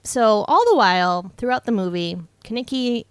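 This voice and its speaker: With a slightly high, clean voice at a normal speed, this podcast co-host chats through a movie recap, cursing freely and leaning on "like" and "um." She is young, and her recording is dry.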